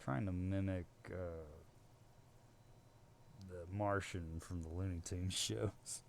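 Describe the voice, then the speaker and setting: Man streaming a game, slightly low voice. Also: fairly even intonation, takes it slowly, creaky, a little hiss or hum. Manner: casual, chatty, talks to himself. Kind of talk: live gameplay commentary.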